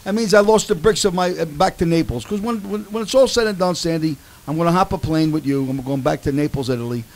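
A man's voice: a little high, fast talker. A man, the show's regular chef guest, joking playfully in casual radio banter.

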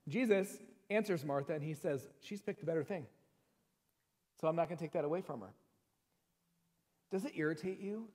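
A middle-aged male pastor with a fairly high voice, preaching a sermon in a casual, joking way. He tells personal stories and slows down to stress scripture. His voice rings with the long reverb of a church hall. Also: darkish tone. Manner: reads scripture slowly and with emphasis. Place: church sanctuary.

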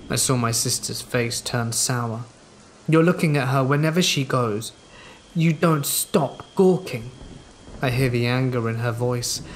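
A man reading a true horror story aloud in first person, with steady, measured scripted narration. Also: mid-range voice, slight background noise, poor audio. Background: rain.

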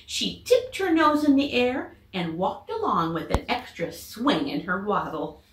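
A woman teacher reading a children's storybook aloud with expressive, lively character voices. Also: medium pitch, measured pace, hardly any pauses, roomy sound.

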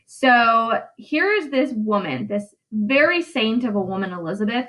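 A woman's voice: a little high, highs cut off. A woman English teacher giving a casual, chatty recorded lesson recap, often checking in with "right?".

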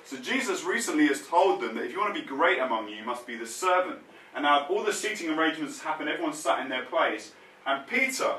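A man preaching a sermon, telling the story in a lively way with casual slang. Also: fairly high pitch, far from the mic. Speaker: pastor. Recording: roomy sound, mic set back from speaker.

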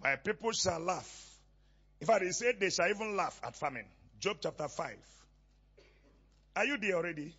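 A male pastor preaching a sermon, asking questions and having the congregation call back the missing words, often rising to shouts. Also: high-pitched, expressive, normal speed, long pauses, breathy edge, lo-fi sound.

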